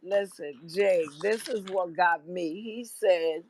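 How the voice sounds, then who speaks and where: A woman's voice: lowish voice, slow, a little mellow, slightly rough, rough recording. A woman guest on a livestream, telling stories in a gossipy way with frequent laughter. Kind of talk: casual chat.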